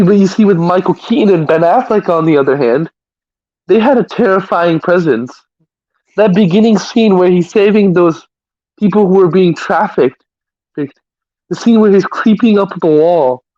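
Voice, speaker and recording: A man's voice: high voice, lively intonation, a little slow, pauses often, a little mellow, lo-fi sound. A man hosting a live stream, chatting casually about movies in a rambling way, often stammering and restarting.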